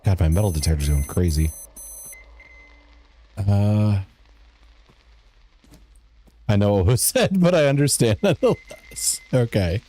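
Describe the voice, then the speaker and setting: Male game streamer, low-pitched and warm-toned, rambling and joking with chat while playing. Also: lively intonation, a little slow, pauses often.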